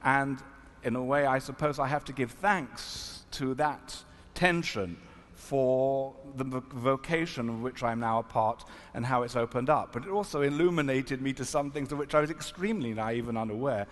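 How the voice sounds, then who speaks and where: A man from South Africa, a rabbi, telling a story at a panel in an earnest, reflective, halting manner. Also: medium pitch. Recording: echoey hall, faint noise.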